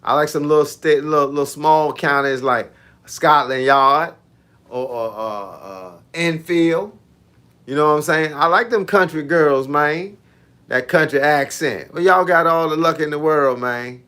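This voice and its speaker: A man's voice: fairly high pitch, moderate pace, pushed and bright. A man, a fitness coach chatting casually with viewers on a livestream in laid-back, slangy banter. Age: 50s.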